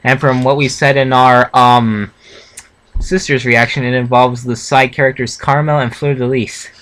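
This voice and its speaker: A man's voice: mid-range voice, little pitch movement, moderate pace, fairly bright tone, rough recording. A young man reading a fan story aloud with a co-host, casual and stumbling, correcting himself. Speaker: fanfiction reader, co-host. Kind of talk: casual read-aloud reaction.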